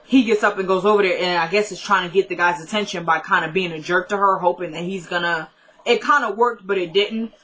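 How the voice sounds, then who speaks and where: A woman's voice: lowish voice, fairly quick, bright, forceful tone, slight background noise. Chatty woman recapping a TV episode. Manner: chatty, many "like"s and "she goes". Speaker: TV recap vlogger.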